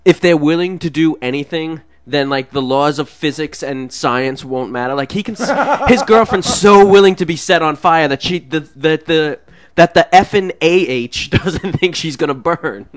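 A man's voice: on the high side, normal speed. A young man co-hosting a podcast, joking around and laughing through his lines. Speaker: podcast co-host. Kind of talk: casual chat.

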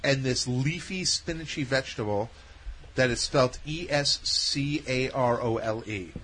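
A man's voice: medium pitch, measured pace, fairly bright tone, breathy edge, rough recording. A man co-hosting a casual talk show, ranting with mock indignation in loose banter. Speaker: podcast co-host.

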